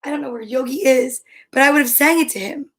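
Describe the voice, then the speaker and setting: A woman reading a children's picture book aloud, cooing and half-singing its lines playfully, her voice a little rough this morning. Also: high-pitched, fast. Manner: sings and coos softly, playful and affectionate. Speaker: storyteller reading picture books.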